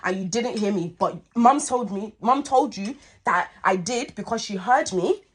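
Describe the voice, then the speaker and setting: A woman's voice: mid-range voice, animated, normal speed, slightly rough. A young woman, hosting a podcast and telling a story in a casual, emphatic way, repeating herself for emphasis. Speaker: podcast host.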